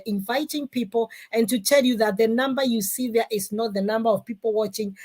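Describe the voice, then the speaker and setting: A middle-aged woman with a Kikuyu Kenyan accent, hosting a live-streamed talk show in an animated, emphatic way. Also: a little high. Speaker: host.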